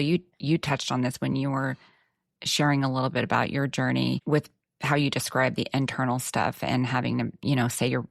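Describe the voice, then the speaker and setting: A woman's voice: extremely low pitch, vocal fry, no echo, studio quality. A woman with a Texan twang, talking reflectively as a guest on a podcast. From Texas. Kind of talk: casual podcast conversation.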